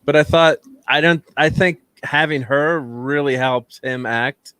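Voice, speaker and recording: A man's voice: a little high, a little slow, sharp tone, smooth, no echo. Chatty man hosting a dry-sounding movie chat. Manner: rambling, chatty, laughs often. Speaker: host. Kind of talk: casual movie review chat.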